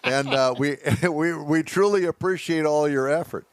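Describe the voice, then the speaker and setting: A man's voice: a little high, moderate pace. Friendly male co-host asking questions. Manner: friendly, asks the guest questions. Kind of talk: casual chat.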